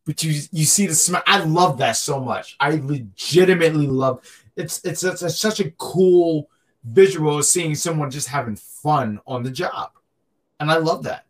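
A man's voice: a little high, normal speed. A man co-hosting a podcast, chatting casually and animatedly, joking and often repeating himself. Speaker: podcast co-host. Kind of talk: casual wrestling chat.

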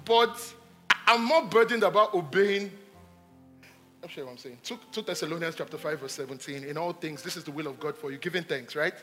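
A man preaching a sermon, emphatic and repetitive, swinging between loud exhortation and hushed asides. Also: a little high.

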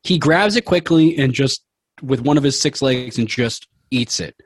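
A man's voice: medium pitch, normal speed, slightly rough. A young adult man narrating a tabletop game as game master, vivid and prone to laughing.

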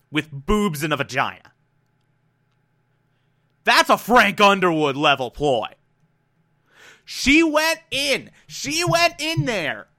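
A man casually recapping a TV episode, animated and profane, acting out characters' lines as he goes. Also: sits high. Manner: animated, profane, quotes characters mid-story. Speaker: TV recap commentator.

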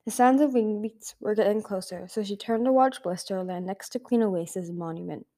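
Mellow-voiced woman reading a fantasy book aloud. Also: mid-range voice, normal speed. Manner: careful reading with frequent self-corrections. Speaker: audiobook reader. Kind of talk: amateur audiobook narration.

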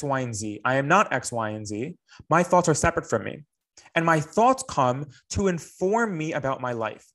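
A man's voice: a little high, a bit bright. A young man giving a spoken Torah class in an earnest, reflective way, repeating phrases for emphasis. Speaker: Torah teacher.

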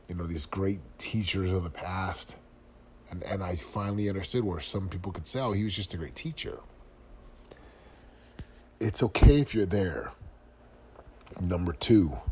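A man's voice: sits low, darkish tone, a little hiss or hum. A middle-aged man hosting a podcast, speaking earnestly and confessionally in a personal reflective monologue, asking searching questions. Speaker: podcast host.

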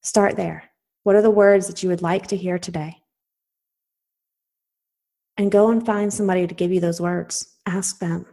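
A woman's voice: on the low side, steady tone, normal speed, long pauses, dark tone. A young adult woman hosting a solo motivational podcast, speaking earnestly and personally, encouraging listeners directly and laughing now and then. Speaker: podcast host.

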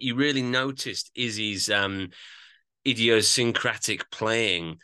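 Podcast co-host, man, bright and animated, casual music review chat. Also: medium pitch, moderate pace. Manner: animated, laughs easily, musing asides.

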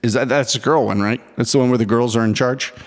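Give me a man in his forties chatting on a podcast, animated, with a mid-range voice and a long hall reverb. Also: medium pitch, quick pace. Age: 40s. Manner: animated storyteller, acts out movie scenes. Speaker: podcast co-host. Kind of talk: casual chat.

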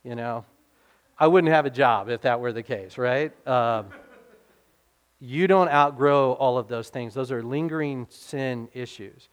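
A man's voice: medium pitch, measured pace, clear, resonant tone. A middle-aged man preaching a sermon as pastor, in an earnest, conversational way, often checking in with his listeners.

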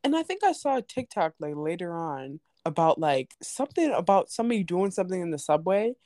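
A woman's voice: fairly low pitch, sing-song, brisk, dark tone, dry recording, studio quality. A young woman telling a story in casual chat, laughing often and acting out the people she quotes. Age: young adult.

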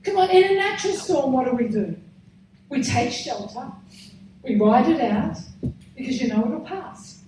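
A woman preaching with a very high voice, fervent and urging, rising to shouts and sinking low. She sounds distant from the mic in a big, very echoey hall. A faint hiss sits under her voice. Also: lively intonation, normal speed, pauses often. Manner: fervent, repeats "come on", swings between shouting and quiet. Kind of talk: sermon.

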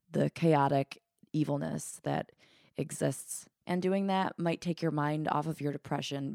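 A woman hosting a solo podcast, talking in a chatty, self-deprecating way with a sick, hoarse voice. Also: low voice, warm tone, no echo, studio quality. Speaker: podcast host.

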